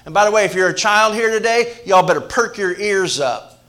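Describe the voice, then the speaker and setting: Man preaching with a high voice. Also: normal speed. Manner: animated preaching, swings from loud emphasis to hushed asides; repeats words and restarts phrases. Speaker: pastor. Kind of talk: sermon.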